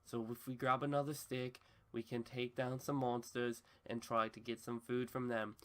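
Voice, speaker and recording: Man doing a put-on Australian accent, wilderness survival host, deadpan, formal, monotone, comedy skit. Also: medium pitch, normal speed, close to an everyday voice. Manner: stiff, formal, deadpan delivery. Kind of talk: comedy skit narration over gameplay.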